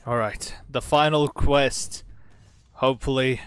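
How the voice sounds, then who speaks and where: A man's voice: medium pitch, unhurried, fairly bright tone, clean tone, no echo. A man casually commenting on a strategy game as he plays, reading out its text with profane, sarcastic asides. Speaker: gaming channel host. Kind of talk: casual let's-play commentary.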